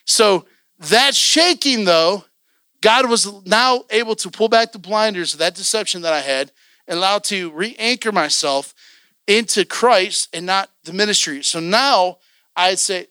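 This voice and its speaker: A man preaching to a congregation, his voice pitched high and bright. He tells a personal story in a lively way and acts out his own past outbursts. The sound is close and dry, with no room around it. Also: measured pace, smooth, no room sound. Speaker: church elder preaching.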